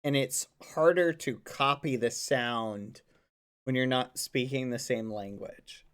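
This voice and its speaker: A male streamer talks casually with his viewers, relaxed and a bit teasing. He speaks slowly in a mid-range voice, unhurried between thoughts. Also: mid-range voice, clean tone.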